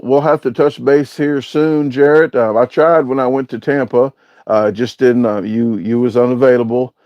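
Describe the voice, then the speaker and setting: A man's voice: mid-range voice, no room sound, dull audio. A man hosting a casual livestream, reading out viewer comments and answering them in a rambling, hesitant way with lots of filler sounds. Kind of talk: casual live-stream chat.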